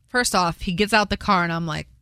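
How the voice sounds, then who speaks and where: A woman hosting a radio show, telling a story with lively energy and acting out the people in it. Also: on the low side, brisk, clear, resonant tone, no room sound.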